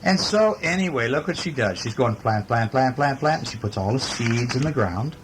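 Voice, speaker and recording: A man's voice: medium pitch, animated, moderate pace, background noise. A man reading a bedtime story aloud to a child, playful and sing-song, with chatty asides.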